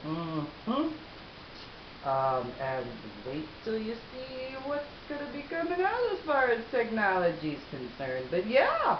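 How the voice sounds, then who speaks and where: A woman tells a story to camera at an unhurried pace. Her pitch swings widely, and she breaks into laughter and sarcastic asides. The room sounds echoey, the audio slightly dull, with a faint hiss. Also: huge pitch swings. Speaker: vlogger telling a personal story.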